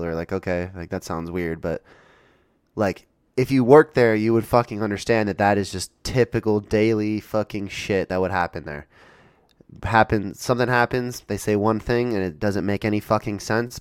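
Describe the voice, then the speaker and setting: Smooth-voiced young man, swearing casually. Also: fairly low pitch, no echo, studio quality. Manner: laughing, profane banter. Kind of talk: casual podcast chat.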